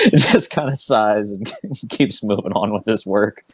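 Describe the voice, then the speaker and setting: A laid-back man runs a tabletop game over voice chat in a fairly low voice, chuckling often as he narrates. The sound is close and dry. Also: a little slow, husky, no room sound. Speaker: game master. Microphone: online voice chat.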